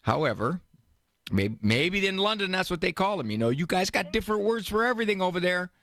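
A man's voice: sits high, very animated, a little fast, a bit bright, no echo, studio quality. A man hosting a radio call-in advice show, joking and teasing his caller. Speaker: radio host, advice doctor.

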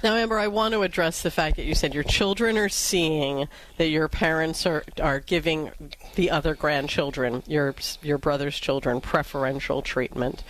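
A woman's voice: deep voice, steady tone, normal speed, rough recording. A woman from New York City co-hosting an advice talk show, giving practical, encouraging counsel. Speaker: radio co-host, counselor.

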